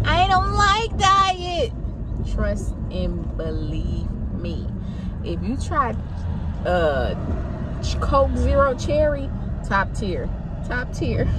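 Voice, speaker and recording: A woman's voice: mid-range voice, noisy background. A woman vlogging casually from her car, candid and profane, slipping into playful voices.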